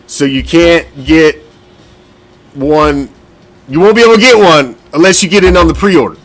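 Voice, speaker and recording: A man's voice: on the high side, lively intonation, moderate pace. A man hosting a football fan show, talking casually, bluntly and with a lot of profanity, and getting winded as he goes. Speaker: podcast host.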